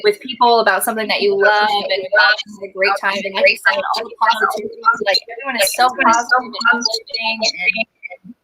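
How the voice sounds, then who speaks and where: A woman's voice: medium pitch, fairly even intonation, a little fast, heavy background noise. A woman co-hosting a book club livestream, speaking with enthusiastic praise. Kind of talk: casual livestream chat.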